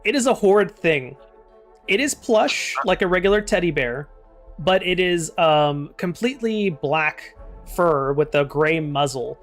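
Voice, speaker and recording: A man's voice: fairly high pitch, expressive, a little slow. A man narrating as game master, describing scenes in a chatty way, with faint music behind.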